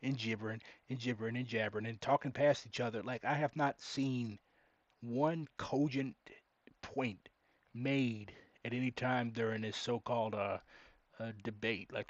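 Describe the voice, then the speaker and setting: A man's voice: medium pitch, dry recording. Exasperated male streamer, boxy audio. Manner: exasperated, sarcastic ranting. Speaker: streamer reacting to a debate. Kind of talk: casual live-stream commentary. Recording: dull, boxy mic sound.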